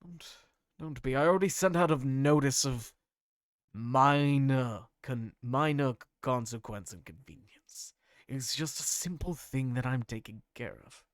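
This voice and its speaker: A man's voice: mid-range voice, unhurried, no room sound, studio quality, natural voice. A man voicing a smug council member who brushes off concerns in a breezy, dismissive way. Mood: defensive.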